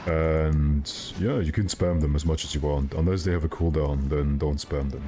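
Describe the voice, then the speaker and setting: A man's voice: a bass voice, steady tone, normal speed, warm tone, slight background noise. A male streamer chatting casually and rambling, with self-mocking jokes while he plays. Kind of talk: casual gaming stream chat.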